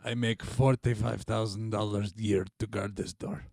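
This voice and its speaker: A man's voice: fairly low pitch, level tone, normal speed, gravelly, darkish tone, dry recording, clean studio sound. A man voicing a blunt male door guard who speaks broken English. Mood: deadpan.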